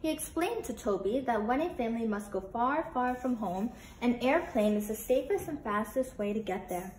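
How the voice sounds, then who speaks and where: Animated woman reading a children's book. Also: fairly high pitch, normal speed. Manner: animated, asks children questions. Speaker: teacher and children's author. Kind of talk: interactive read-aloud for children. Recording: roomy with faint noise.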